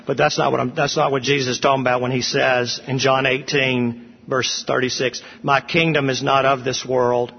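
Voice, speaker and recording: A man preaching a sermon as pastor, emphatic and slowing down to stress words. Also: mid-range voice, in a large hall, muffled recording.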